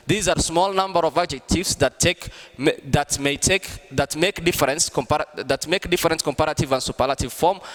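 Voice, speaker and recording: Man teaching grammar online, slightly high voice, echoing hall sound. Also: a bit bright. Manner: explains slowly, repeats and restarts often. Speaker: English teacher.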